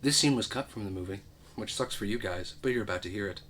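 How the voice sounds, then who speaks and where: A man's voice: on the low side, fast talker, a bit bright, a little hiss or hum. A man reading a comedy script aloud, narrating the action and adding dry, wry asides. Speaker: script reader.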